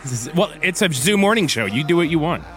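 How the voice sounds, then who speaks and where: Teasing jokey man, bouncy pitch. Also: sing-song, fast talker, a bit bright, faint music behind. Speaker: podcast co-host. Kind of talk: casual banter.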